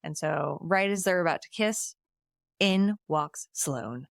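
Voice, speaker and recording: A woman co-hosts a podcast and retells a film's plot in a casual, lively way. Her voice sits a little low, she slips into quoted lines now and then, and the close mic sounds dry. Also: slow, creaky, no echo. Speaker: podcast co-host recapping a film. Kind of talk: casual chat, plot recap.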